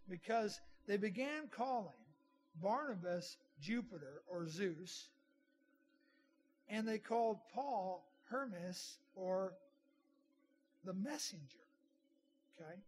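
A man's voice: high-pitched, expressive, slow, pauses often, a little hiss or hum. A middle-aged man preaching a sermon in a conversational way, with asides to the congregation. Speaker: pastor.

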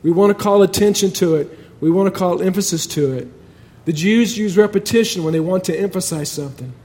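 A man's voice: sits high, a little fast, a little mellow. A man preaching a sermon in a conversational but emphatic way, building points through repetition.

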